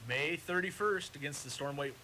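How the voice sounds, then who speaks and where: A man's voice: fairly high pitch, moderate pace, bright, forceful tone, slight background noise. A man who volunteers with a local baseball association, chatting as a radio guest in an upbeat, promotional way. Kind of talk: casual radio chat.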